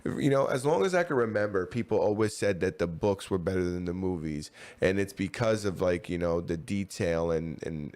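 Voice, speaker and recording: A man's voice: low voice, darkish tone. A man co-hosting a podcast, talking in a loose, rambling way full of slang and fillers. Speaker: podcast co-host. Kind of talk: casual chat.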